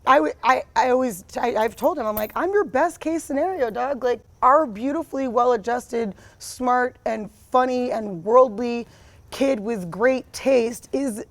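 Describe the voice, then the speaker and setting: A woman's voice: fairly high pitch, a little slow, a bit bright, no echo. A woman in her thirties, a guest in a candid interview, talking bluntly and emphatically, full of "like" and "you know". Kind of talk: candid personal conversation.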